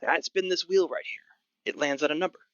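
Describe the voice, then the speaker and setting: Man doing a gruff old goblin ticket seller. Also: on the high side, a little fast, fairly bright tone, no echo, dull audio, pitched above the performer's own voice, close to an everyday voice. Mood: curt. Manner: curt, stubborn, haggling.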